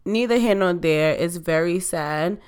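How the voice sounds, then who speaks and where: A woman hosting a podcast in casual chat, her voice slightly hoarse and still recovering, speaking in a conversational, reflective way. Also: fairly low pitch, a little mellow. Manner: conversational, reflective, drawn-out delivery. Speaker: podcast host.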